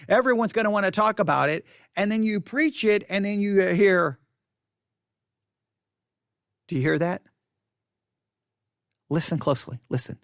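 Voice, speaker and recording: High-voiced candid male pastor preaching. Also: no echo, studio quality. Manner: animated, bursts into high excited exclamations; candid, self-deprecating. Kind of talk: expository Bible study sermon. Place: church.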